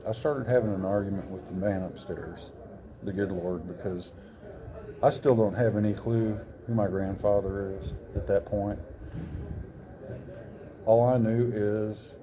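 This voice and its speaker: A man in his sixties, appearing as an interview guest, tells a personal story earnestly and ramblingly, often correcting himself. His voice is on the low side, with background noise and crowd chatter behind him.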